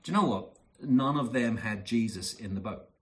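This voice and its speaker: A man's voice: fairly low pitch, lively intonation, moderate pace. Earnest man preaching a sermon. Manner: earnest, emphatic repetition with soft asides.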